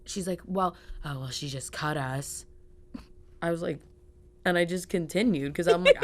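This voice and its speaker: Chatty young woman telling a story. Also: on the low side. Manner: fast storytelling with many fillers; swears freely. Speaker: podcast host. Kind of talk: casual chat.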